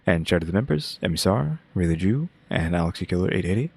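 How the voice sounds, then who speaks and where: Gravelly deep-voiced man, monotone. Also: fast. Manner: monotone, laid-back. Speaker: channel host reacting to a game showcase. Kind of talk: casual reaction commentary.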